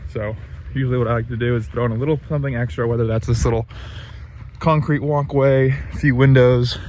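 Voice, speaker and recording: A man's voice: medium pitch, darkish tone, a little hiss or hum. A man talking casually through a work-day vlog outdoors, rambling with plenty of ums. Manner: laid-back, rambling, lots of ums. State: a bit out of breath. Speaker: pressure washing business owner. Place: outdoors at a rural job site.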